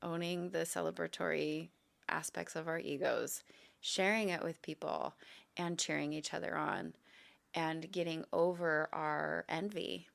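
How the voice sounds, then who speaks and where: A woman with a very low voice and a strong gravelly fry talks thoughtfully and openly as a guest. Her tone stays unhurried and sincere. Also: fairly even intonation, fairly bright tone. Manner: reflective, candid. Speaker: podcast guest, educator. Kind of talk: casual conversation.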